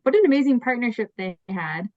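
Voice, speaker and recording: A woman's voice: on the high side, expressive, brisk, darkish tone, dry recording. A woman hosting an interview, mostly giving short reactions and thanks. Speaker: podcast host. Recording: dry, dull lo-fi remote audio.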